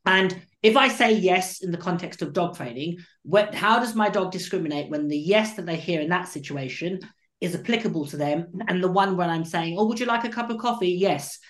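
A man, a dog trainer and coach, explaining his training methods at length in an animated interview. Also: high voice, normal speed. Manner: animated, acts out what the dog thinks. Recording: roomy echo.

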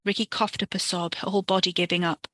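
Woman reading a story podcast, bright voice, dry close sound, steady and expressive. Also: on the low side, fast, no echo. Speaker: podcast narrator.

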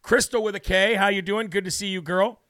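A man hosting a live political talk show, brash and emphatic, hammering points with repetition and reading out viewer shout-outs. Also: high voice, steady tone, a little fast, no room sound, clean studio sound. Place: New Hampshire studio.

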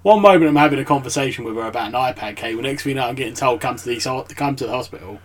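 A man appearing as a podcast guest, talking in a casual, halting and hesitant way. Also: mid-range voice. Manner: halting, hesitant, restarts often. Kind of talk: casual chat.

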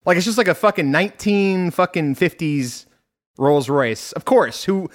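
A man's voice: high-pitched, normal speed. A man co-hosting a podcast, recapping a film in casual chat, swearing freely and laughing often. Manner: profane, laughs often, animated storytelling. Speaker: podcast co-host.

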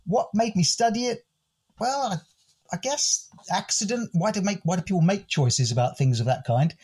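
A man's voice: high voice, lively intonation, moderate pace, darkish tone, husky. An older man from the United Kingdom, a podcast host and interview guest, musing thoughtfully and quoting poets. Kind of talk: reflective interview talk.

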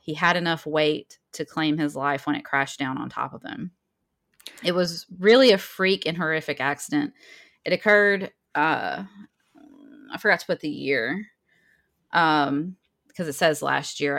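Low-pitched female podcast host, casual and chatty, mixes reading with commentary. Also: fairly bright tone. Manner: chatty, reading quoted passages with asides.

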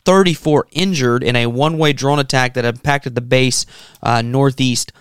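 A man hosting a talk show, reading news items in a measured way. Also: medium pitch, clean tone, no room sound, clean studio sound. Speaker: host.

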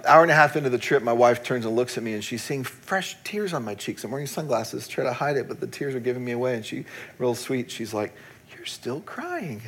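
A man's voice: medium pitch, a bit bright, a little hiss or hum. A middle-aged man, a pastor, preaching a sermon and telling a personal story in a candid, self-deprecating way, often laughing at himself.

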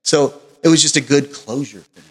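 A man's voice: on the high side, brisk. A man co-hosting a casual podcast, telling long, rambling, profane stories. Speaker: podcast co-host. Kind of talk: casual chat. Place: Oregon. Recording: long reverb.

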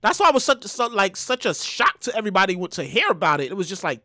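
A man giving casual news commentary in an animated way, swearing, stammering and restarting, with sudden loud mock exclamations. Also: high-pitched, brisk, no echo, studio quality.

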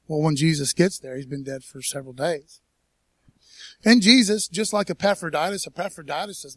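A man's voice: a little high, brisk, dry recording. A man preaching a casual, conversational sermon in church, folksy, with lots of "man" and "you know". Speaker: pastor.

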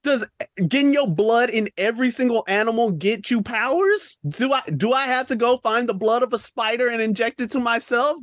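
A man's voice: extremely high pitch, normal speed, a bit bright, no echo, clean studio sound. A young man co-hosting a podcast, ranting animatedly about films with slang and rhetorical questions. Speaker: podcast co-host. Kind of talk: casual film-review rant.

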